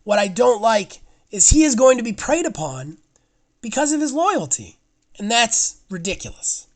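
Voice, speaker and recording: A man co-hosting a casual podcast, talking in an excitable, rambling way and often restarting his sentences. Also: very high voice, normal speed. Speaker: podcast co-host.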